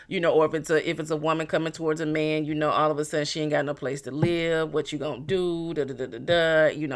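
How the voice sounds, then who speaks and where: A tarot reader giving a casual reading straight to the viewer, blunt and animated, now and then slipping into mocking voices for quotes. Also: mid-range voice, quick pace, few pauses.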